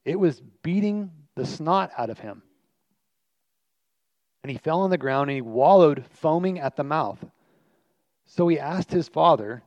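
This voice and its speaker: A man's voice: fairly high pitch, expressive, unhurried, pauses often, darkish tone, no room sound. A man preaching a sermon as pastor, earnest and emphatic, repeating his key lines for weight. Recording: dry, slightly muffled recording.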